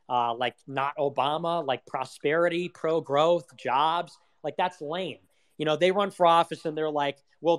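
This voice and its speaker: A young man with a fairly high voice talks in a loose, rambling way. He fires off rhetorical questions, swears freely and builds a casual political monologue as the host of an audio chat room.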